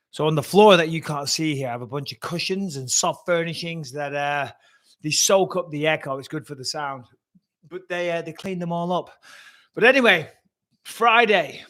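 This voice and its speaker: Man, English accent, slightly high voice, casual livestream host, swears a lot, webcam in a slightly echoey home room. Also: fairly bright tone. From England. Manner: chatty, swears freely, reads out viewer comments.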